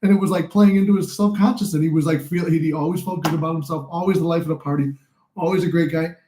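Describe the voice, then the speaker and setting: A man's voice: a little high, warm tone, echoey room, rough recording. A young adult man hosting a casual live stream, giving rambling, encouraging advice. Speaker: livestream host and manifesting coach.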